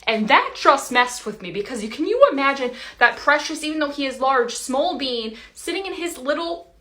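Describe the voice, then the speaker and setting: A woman's voice: high voice, big pitch swings, moderate pace, sharp tone. A young adult woman delivering a casual comedic monologue to camera, chatty and playful, with lots of "like" and "you know". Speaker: TikTok creator.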